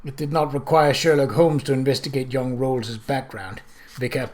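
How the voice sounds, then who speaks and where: A man's voice: medium pitch, steady tone, moderate pace, darkish tone, lightly acted. A man reading aloud, voicing a blustering country squire with a scornful, stiff manner.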